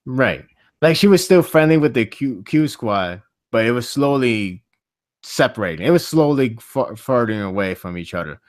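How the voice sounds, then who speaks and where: A man hosting a casual podcast chat, rambling and animated, laughing often. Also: mid-range voice, normal speed, no echo, clean studio sound. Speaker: podcast host.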